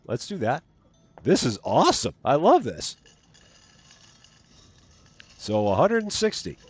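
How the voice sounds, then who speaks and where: A husky, mid-range voice with huge pitch swings takes its time as this man streams a game. He reads the on-screen text aloud and keeps the commentary chatty, playful, and full of jokes.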